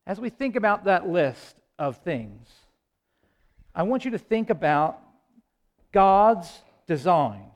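A man preaching a sermon with impassioned delivery, swinging between loud rises and hushed low passages, with halting restarts. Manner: impassioned, rising and falling, dramatic pauses.

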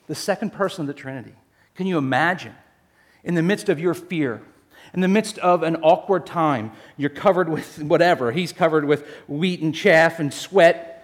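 A male pastor with a fairly high voice delivers a sermon in an animated, storytelling manner. He jokes with his listeners and calls them folks as he moves through the passage. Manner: animated, jokey storytelling addressing the congregation as folks.

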